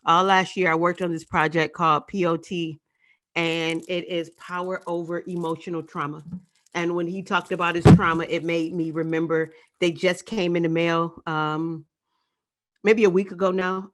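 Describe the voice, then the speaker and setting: Woman, spoken word poet, lowish voice, emphatic, rhythmic, repeats lines for effect, video call. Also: flat delivery, moderate pace. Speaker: spoken word poet leading an online event. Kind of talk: spoken word performance and audience dialogue.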